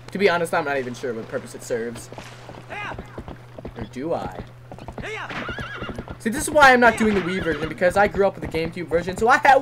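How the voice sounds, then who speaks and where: A man's voice: sits high, a bit bright, a little hiss or hum, rough recording. A young man giving casual, joking gameplay commentary with self-mocking asides and frequent giggles. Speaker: let's play commentator.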